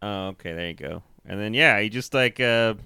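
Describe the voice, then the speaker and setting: A man's voice: fairly low pitch, moderate pace, vocal fry, sharp tone, smooth, no room sound, clean studio sound. A man co-hosting a podcast, casually recapping a movie, laughing and jumping into raised voices when he quotes the characters. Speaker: podcast co-host.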